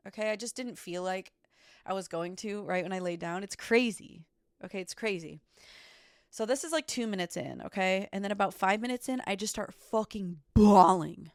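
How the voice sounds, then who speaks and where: A woman's voice: medium pitch, moderate pace, no room sound, clean studio sound. A woman hosting her own podcast, talking candidly and emphatically, swearing often and filling with "like" and "okay.". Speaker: podcast host. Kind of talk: candid solo podcast chat.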